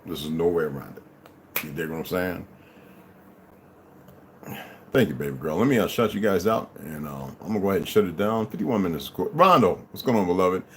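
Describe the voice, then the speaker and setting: A man's voice: low voice, slight background noise. Tired, laid-back man streaming live. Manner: laid-back, profane, rambling, greets viewers as "beloved". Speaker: livestream host. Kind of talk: casual livestream chat.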